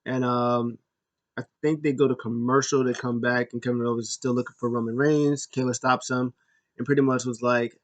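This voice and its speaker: A man's voice: medium pitch, fairly even intonation, brisk. A man casually recapping a wrestling show, rambling with many fillers and self-corrections.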